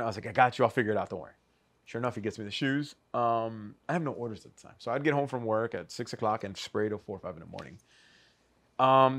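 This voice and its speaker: A man, a podcast guest, telling a story in an animated, casual way, swearing freely and acting out the lines of the people in it. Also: mid-range voice. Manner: animated, swears, acts out quoted dialogue. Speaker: podcast guest, custom shoe artist.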